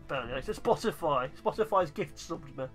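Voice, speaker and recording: A man's voice: on the high side, expressive, fast, soft background music. A man streaming a strategy game with friends, chatting casually and teasing them with sarcastic remarks. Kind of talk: casual gaming chat.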